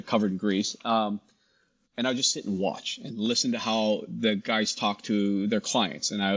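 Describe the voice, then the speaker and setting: A man with a husky, fairly low voice tells his story in an easygoing interview, acting out what people said and restarting his sentences as he goes. The sound is slightly dull and lo-fi. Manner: animated, quotes people in dialogue, frequent restarts. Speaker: guest, shop founder.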